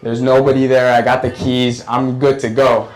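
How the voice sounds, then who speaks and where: A man telling a comic story in an animated, profane way, often repeating lines for effect. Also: mid-range voice, normal speed, poor audio. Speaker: comedian. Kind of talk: stand-up storytelling.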